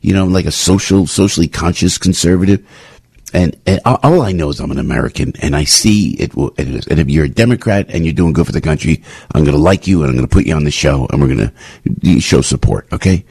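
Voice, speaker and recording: An older man with a New York accent hosts a morning talk radio show, talking frankly in a rambling way full of restarts, his pitch climbing as he gets worked up. His voice is fast, gravelly and darkish with a breathy edge and lively intonation. The recording is clean studio sound with no room sound.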